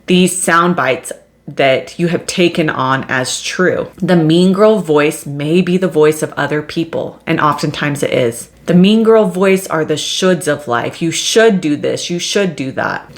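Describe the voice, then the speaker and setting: Brief: woman host, lower voice, steady coaching delivery on a self-help podcast. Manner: measured, repetitive teaching tone.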